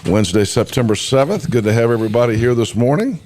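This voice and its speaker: A male morning radio host, hoarse from a cold, chatting casually and rambling with many fillers. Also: mid-range voice, expressive, fast talker, a little mellow, a little hiss or hum. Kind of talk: casual morning show banter.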